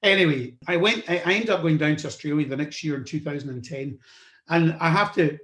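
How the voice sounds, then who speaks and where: A man from the UK tells the story of his career, his voice sitting a little high for a man. He talks loosely, with plenty of "um"s and restarts. The room around him rings with a noticeable echo. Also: a little fast, fairly bright tone. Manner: conversational, with frequent "um" and restarts. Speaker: podcast host. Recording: roomy echo.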